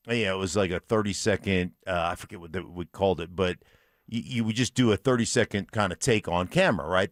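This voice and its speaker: A man co-hosting a sports radio show, telling a lively story in casual chat and shouting out quoted lines. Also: medium pitch, no room sound, clean studio sound. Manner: animated storyteller, loud put-on shouts. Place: radio studio.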